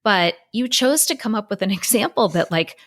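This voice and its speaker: A woman's voice: mid-range voice, expressive, moderate pace, a bit bright. A woman podcast co-host speaking in an effusive, admiring conversational way.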